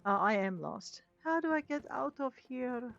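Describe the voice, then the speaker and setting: A woman's voice: high-pitched, lively intonation, moderate pace, gravelly, fairly bright tone. A woman giving chatty, self-mocking commentary while playing a video game, talking back to the characters. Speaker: let's play gamer. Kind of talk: casual gameplay commentary. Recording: dull lo-fi mic with game music.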